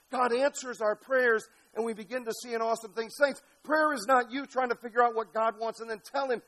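A man preaching an impassioned sermon, building to shouted peaks and dropping to quiet, low passages. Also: moderate pace, few pauses, rough recording. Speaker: pastor.

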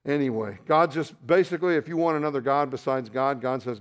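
A man preaching a sermon as pastor, shifting between loud emphatic rises and quiet asides, with self-deprecating remarks and restarts. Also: mid-range voice, brisk, few pauses.

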